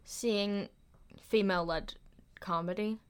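A young woman in casual podcast chat, animated and quick to laugh, jumping up in pitch when she quotes people. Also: clean tone. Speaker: podcast co-host.

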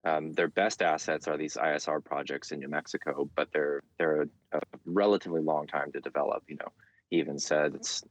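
A man with an extremely deep voice talks as a guest in a casual interview. He is frank and relaxed and hesitates often as he thinks aloud. The sound is dry and close. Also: dry recording, highs cut off. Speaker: interview guest, market commentator.

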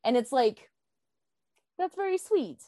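A woman's voice: high voice, expressive, slow pace, warm tone, dry recording. A woman co-hosting a podcast, chatting casually about a book, rambling with many fillers. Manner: rambling, full of "um" and "like". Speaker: podcast co-host.

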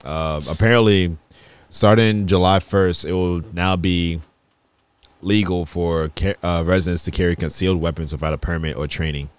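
Deep-voiced laid-back man. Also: fairly even intonation, normal speed, clear, resonant tone, no room sound. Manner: laid-back, steers the topic back. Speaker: podcast co-host. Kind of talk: casual chat.

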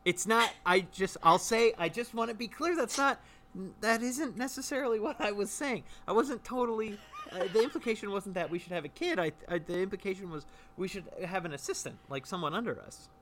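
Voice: medium pitch, animated, brisk, a bit bright. A performer in an improvised comedy scene, talking in a flustered, backpedaling way and over-explaining everything.

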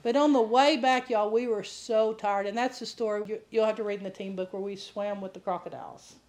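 A woman preacher giving a sermon full of animated stories, often laughing and acting out the voices of people she quotes. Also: medium pitch, brisk. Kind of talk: sermon with storytelling.

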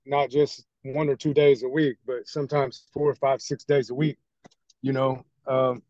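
A man's voice: medium pitch, level tone, normal speed, a little mellow, dry recording, highs cut off. A man in a group call, joking and laid-back, asking a question.

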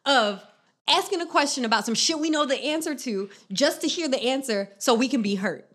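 A woman's voice: sits high, a little fast. Blunt, profane woman podcast co-host. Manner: blunt, profane, animated storytelling. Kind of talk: casual podcast chat.

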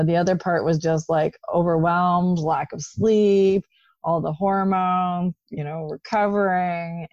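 A woman with a very low voice talks in a casual chat. She speaks in a reflective way and keeps checking in with her listener. The recording is dry and a little dull. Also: darkish tone, no echo. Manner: conversational, reflective, often ends with "right?". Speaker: podcast co-host.

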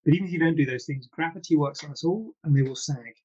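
A man with a slightly raised, husky voice answers viewer questions in a loose, chatty live stream. He rambles and drifts into self-deprecating asides. The sound is dull and lo-fi, like a low-grade live broadcast. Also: fast, darkish tone. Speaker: plastic surgeon hosting a live Q&A.

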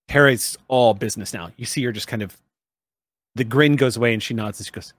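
A man's voice: medium pitch, fairly quick, a bit bright, no echo. Dry-voiced man running a tabletop game. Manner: casual, dry, swears freely. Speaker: game master.

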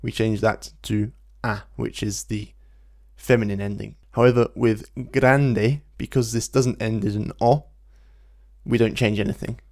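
A man, teaching a Spanish lesson in a relaxed podcast style, explaining patiently and slowing down to model phrases. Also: lowish voice, gravelly. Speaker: language teacher.

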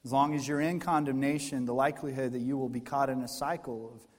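A man preaching as pastor, explaining his point in an earnest, steady teaching tone. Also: medium pitch, fast. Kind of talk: sermon. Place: large church hall. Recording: long church-hall reverb.

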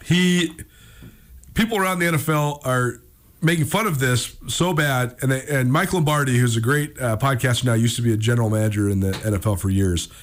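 A man hosting a sports radio show, telling a story in casual chat, animated and laughing often. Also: mid-range voice, a little fast.

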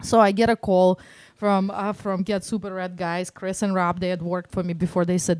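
A woman with a Russian accent blended with Detroit, a film producer telling stories in a podcast interview, animated and laughing often. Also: fairly low pitch, normal speed, no room sound.

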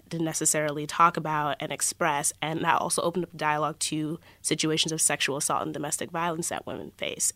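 Earnest young woman, low voice. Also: fairly bright tone, dry recording. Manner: earnest and passionate, talks in long flowing runs. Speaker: student organizer, interview guest. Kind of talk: radio interview. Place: radio studio.

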